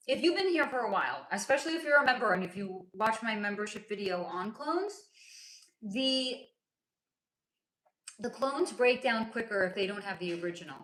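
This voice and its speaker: A woman hosts a casual livestream and answers viewer comments one after another. Her voice is bright, forceful and sits a little high. She speaks bluntly and swears freely, and the room echoes around her. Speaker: livestream host.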